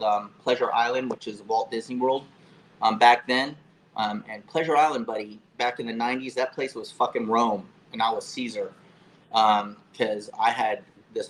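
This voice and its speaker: A man in his fifties from Florida, telling stories as an interview guest in a casual, profane, animated way with frequent fillers. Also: medium pitch, slight background noise, poor audio. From Florida, USA. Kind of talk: casual storytelling.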